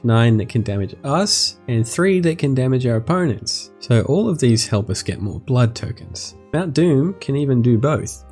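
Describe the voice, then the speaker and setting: A young man hosting a casual card game deck review, joking and swearing freely as he talks. His pitch jumps around in a lively, animated way, and faint background music sits behind his voice. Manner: irreverent and profane, jokey asides. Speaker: host.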